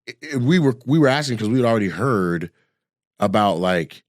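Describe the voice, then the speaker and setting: A man co-hosting a casual chat, telling animated stories and acting out the voices of the people in them. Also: medium pitch, brisk, no echo.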